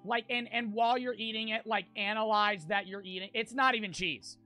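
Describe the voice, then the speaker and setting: A young man with an American accent, streaming a game live and talking to his chat, profane and quick to get frustrated. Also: high voice, fairly even intonation, sharp tone, faint music behind. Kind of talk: casual livestream gameplay chat.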